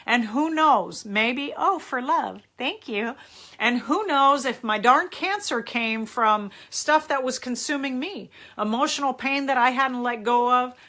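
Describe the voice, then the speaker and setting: A woman's voice: high voice, measured pace, bright, forceful tone. A middle-aged woman hosting a live stream, giving earnest, encouraging advice in a casual way and greeting viewers as she goes. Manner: earnest and encouraging, chats with viewers between points. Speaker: host answering viewer questions on a live stream.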